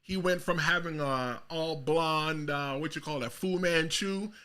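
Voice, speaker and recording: A man talks alone as the host of a podcast in a loose, rambling commentary style. His voice sits high for a man and has a bright, forward edge. He gets animated, doubles back and corrects himself mid-thought. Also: a little slow, clear, resonant tone. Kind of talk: casual solo commentary.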